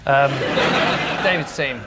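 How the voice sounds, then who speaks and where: A man's voice: mid-range voice, extremely slow, very noisy. A man hosting a comedy panel show, reading out facts and wry quips. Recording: TV studio with audience.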